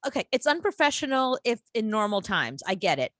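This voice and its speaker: A woman's voice: a little high, brisk, no echo. A woman co-hosting a casual radio talk show, telling stories expressively and laughing. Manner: expressive storyteller, laughing, acting out quotes.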